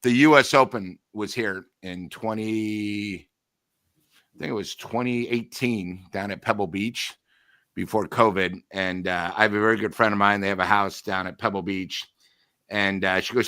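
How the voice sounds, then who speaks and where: A man co-hosting a sports talk show, telling relaxed, rambling anecdotes. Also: lowish voice, moderate pace, dry recording, studio quality. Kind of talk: casual sports chat.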